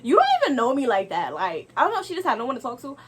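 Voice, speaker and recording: A young woman races through a casual storytime to camera, speaking very fast in a fairly high, slightly rough voice. She's animated and exasperated, addressing rhetorical asides to her viewers.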